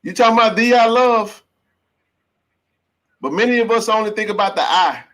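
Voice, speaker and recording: This podcast host sits high in pitch, with a fairly bright tone and a normal speaking speed. Running a laid-back call-in sports show, he gets emphatic and preachy, sprinkling "bro" and "man" all over his talk.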